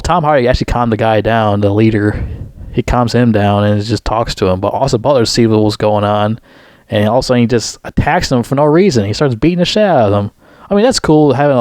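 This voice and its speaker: A man's voice: darkish tone, no echo, clean studio sound. Profane, heated man ranting about a movie. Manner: profane, heated, rambling with many restarts; voice jumps higher when outraged. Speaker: movie reviewer.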